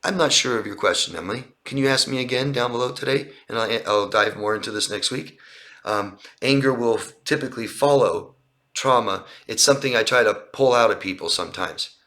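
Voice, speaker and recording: Bright-voiced male coach answering questions. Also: mid-range voice, a little fast. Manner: earnest, explanatory, repeats and restarts phrases. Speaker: relationship coach. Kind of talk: live Q&A answering viewer questions. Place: outdoors by a street.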